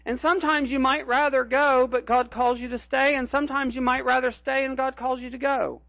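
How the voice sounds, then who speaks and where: A man's voice: very high-pitched, little pitch movement, brisk, gravelly, dry recording, muffled recording. A middle-aged man preaching a sermon as a pastor, earnest and emphatic, repeating his key phrases.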